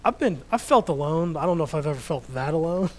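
A man preaching a sermon, reading scripture out loud and then talking quietly and earnestly to his congregation. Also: on the high side, expressive, fast talker, slight background noise, rough recording. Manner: reads scripture loudly, then speaks quietly and reflectively.

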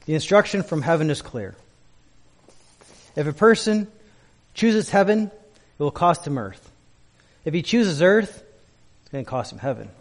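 Pastor, male, high voice, storytelling sermon, restarts often. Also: normal speed, pauses often. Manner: storytelling with animated quoted voices, repeats and restarts.

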